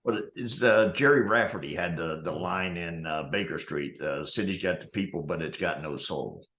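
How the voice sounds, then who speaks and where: A man's voice: low voice, normal speed, fairly bright tone, echoey room. A man co-hosting a casual online chat over an internet call, telling stories animatedly, laughing and swearing easily. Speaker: co-host calling in. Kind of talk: casual live-stream chat.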